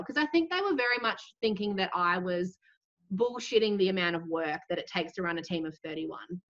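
A woman's voice: on the low side, fairly quick, fairly bright tone, muffled recording. A woman in her twenties with an Australian accent, telling a story in casual podcast chat, saying "like" constantly. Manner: chatty, heavy use of "like".

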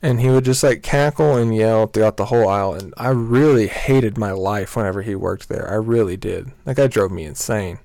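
A man's voice: on the low side, a little fast, few pauses, a little mellow, no room sound. A young man telling a rambling, profane story in a casual comedic way, laughing often as he goes.

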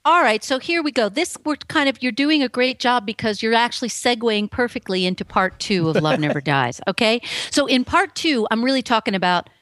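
A woman guest telling her story on an interview show, earnest and emphatic, acting out the voices she quotes with big pitch swings. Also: lively intonation, fairly quick, hardly any pauses, a bit bright, no room sound. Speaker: guest author. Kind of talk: animated personal storytelling.

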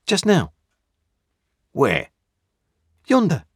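A man's voice: a little high, wildly swooping pitch, very slow, husky, no room sound, studio quality, voice pushed up, exaggerated voice. A man voicing a frightened, polite young boy who speaks timidly and anxiously in a storybook reading.

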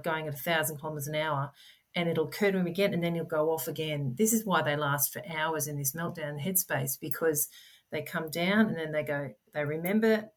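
A middle-aged woman speaks with a notably low voice. She is a guest in a relaxed interview and talks in an earnest, gentle, explanatory way. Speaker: podcast guest, parent advocate. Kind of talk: conversational interview.

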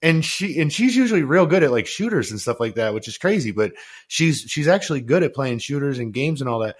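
Young male podcast host, slangy and profane, animated storyteller who laughs easily. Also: mid-range voice, fairly quick, husky. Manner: slangy, profane, laughs through stories, acts out voices. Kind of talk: casual chat, animated storytelling.

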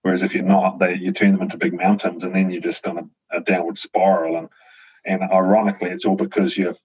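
A deep, husky man talks things over as a guest, in a flat and even tone. He thinks aloud, with plenty of fillers and restarts. The recording sounds dull and lo-fi. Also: fast talker. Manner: reflective, hesitant, many fillers and restarts. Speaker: guest, avocado farmer. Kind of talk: casual conversation.

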